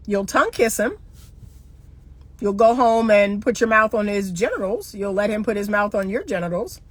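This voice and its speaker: A woman's voice: mid-range voice, expressive, moderate pace. A middle-aged woman, a relationship coach, talking to camera in a blunt, emphatic, lecturing way and hammering points home with repeated rhetorical questions. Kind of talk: opinionated monologue to camera.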